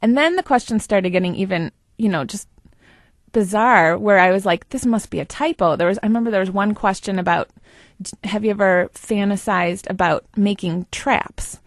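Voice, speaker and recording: A woman telling her story as an interview guest, animated and quick to laugh. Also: medium pitch, no echo, clean studio sound. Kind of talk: personal interview recollection.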